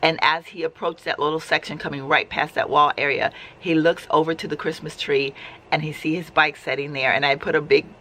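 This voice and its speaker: A woman recounts a personal faith story as a casual, heartfelt testimony, speaking conversationally and often restarting her sentences. Her voice is bright and forceful. A faint hiss of noise sits behind her. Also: deep voice, steady tone, brisk. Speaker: vlogger sharing faith testimony.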